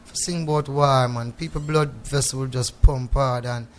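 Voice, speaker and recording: A man's voice: mid-range voice, steady tone, moderate pace, a little hiss or hum. A man with a Jamaican accent, a reggae artist giving a radio studio interview. He speaks in patois, reflective and preachy, and often checks in with "you know what I mean".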